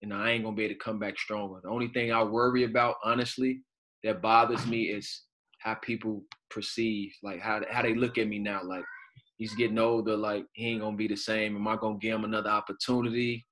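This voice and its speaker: This guest, a pro basketball player in his thirties hailing from Chicago in the US, speaks in a fairly low voice at a brisk pace via video call. He's an animated storyteller, loose, slangy and full of profanity.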